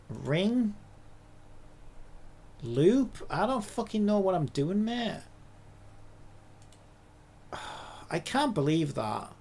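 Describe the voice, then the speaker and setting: A woman's voice: mid-range voice, very animated, slow pace, long pauses, warm tone, a little hiss or hum. A woman, a game developer, talking to herself in a casual dev log, frustrated and swearing a lot.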